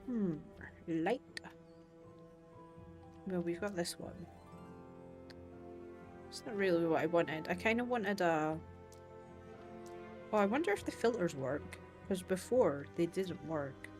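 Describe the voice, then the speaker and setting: A woman streaming a game, chatting casually and thinking aloud, with sudden bursts of excitement. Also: fairly low pitch, takes it slowly, pauses often, faint music behind. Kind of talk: casual livestream commentary while playing.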